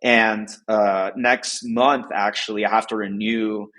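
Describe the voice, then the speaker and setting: Rambling man with a low voice. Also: little pitch movement, takes it slowly, bright, forceful tone. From United States. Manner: rambling, laughs often, lots of "like". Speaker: podcast guest. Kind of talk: casual podcast chat.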